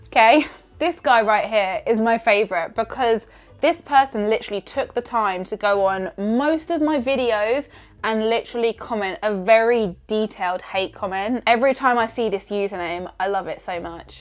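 Brief: young southern English woman, higher voice, lively, sarcastic vlogger. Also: moderate pace. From Surrey, England. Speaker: singer and YouTuber. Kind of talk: casual vlog reading comments.

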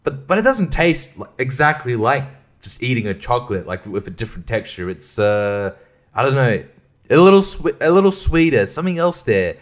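A man's voice: mid-range voice, big pitch swings, normal speed. A man, hosting a casual solo podcast, rambling and swearing with frequent laughs, short on sleep. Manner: rambling, profane, laughing often. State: sleep-deprived. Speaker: podcast host.

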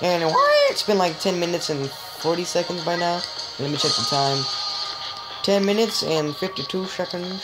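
Woman gamer, casual let's-play chatter, jokey and excitable, lowish voice, loud game music behind. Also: normal speed, poor audio. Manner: joking, excitable, with sudden high yelps; chatty, talks straight to viewers.

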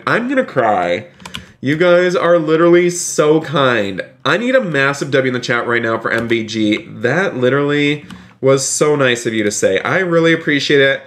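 A man's voice: medium pitch, a bit bright. A man hosting a live game stream, talking cheerfully to his chat and speaking politely and formally as he plays a police officer. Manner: upbeat, keeps addressing the chat as "you guys". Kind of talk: live game-stream commentary with role-play.

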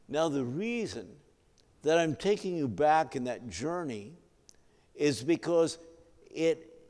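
A male pastor preaching an evening sermon, telling the story in a measured way and letting his voice swell and drop for emphasis. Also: a little high, darkish tone. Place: church sanctuary. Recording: long hall reverb.

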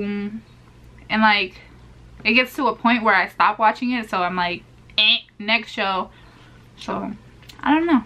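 A twenty-one-year-old beauty vlogger chews gum while answering get-to-know-me questions in a casual, sassy vlog, chatty and full of playful asides to viewers. Her voice is on the high side, bright and forceful.

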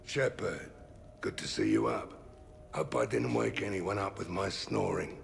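Brief: blunt veteran mercenary, very rough deep voice, game dialogue. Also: male voice, big pitch swings, unhurried, slight background noise, exaggerated voice. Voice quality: gravelly. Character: grizzled older male mercenary, blunt. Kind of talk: video game voice acting.

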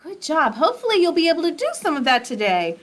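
A woman hosting a children's sing-along activity lesson, who talks slowly and encouragingly, straight to young children at home. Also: high voice, very animated. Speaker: children's program host.

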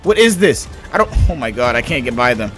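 A young man doing casual gameplay commentary as a gaming YouTuber, excitable and slangy, yelping and shouting at the game. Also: mid-range voice, a little fast, faint music behind.

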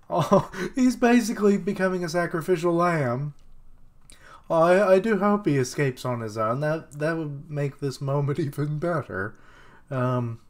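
A man's voice: a little high, unhurried. Rambling, chuckling man reacting casually. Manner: rambling, chuckling, thinking aloud. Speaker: comic reaction streamer. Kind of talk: casual live reading reaction.

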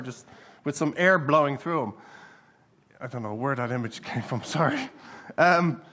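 A male pastor delivers a sermon in a church hall, earnest and animated. His voice sits a touch high for a man and has a husky, breathy edge. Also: moderate pace. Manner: earnest, animated, with sudden bursts of laughter.

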